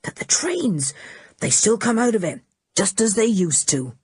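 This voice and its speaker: A woman voicing an old male shepherd who gives slow, rustic warnings in a storybook reading. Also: mid-range voice, very animated, a little mellow, breathy edge, dry recording, studio quality, voice pushed up, full character voice. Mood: ominous.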